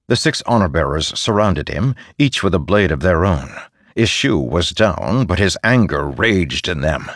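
Deep-voiced man narrating an audiobook. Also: sing-song, a little slow, dry recording, studio quality. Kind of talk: scripted fantasy audiobook narration.

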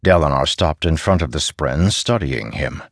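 A man narrating an audiobook in a steady, grave storytelling manner. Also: very deep voice, normal speed, gravelly, dry recording, clean studio sound. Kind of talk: scripted narration.

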